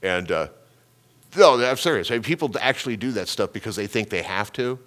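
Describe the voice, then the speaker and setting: A middle-aged man preaches to a congregation, weaving a personal story into his sermon. His voice rises and falls across a wide, lively range. He stumbles over repeated words and acts out sounds. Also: fairly low pitch, brisk. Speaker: pastor.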